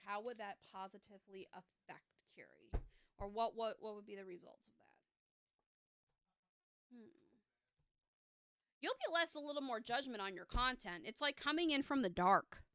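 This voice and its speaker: A woman's voice: medium pitch, fairly bright tone. A woman giving a live tarot reading, chatty and upbeat, with lots of fillers, speaking close to a streaming mic.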